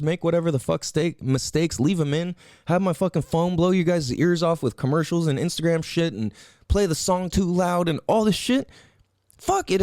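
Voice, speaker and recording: Animated, swearing man ranting solo. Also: fairly high pitch, no echo, studio quality. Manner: profane, animated, rambling rant; emphatic rhetorical questions. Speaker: podcast host. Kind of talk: solo podcast monologue.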